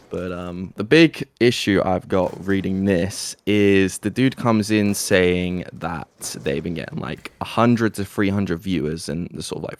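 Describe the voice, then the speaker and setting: A man's voice: low-pitched, a little hiss or hum. A young man guesting on a video chat, giving casual advice in a laid-back, joking way with some swearing. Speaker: guest YouTuber.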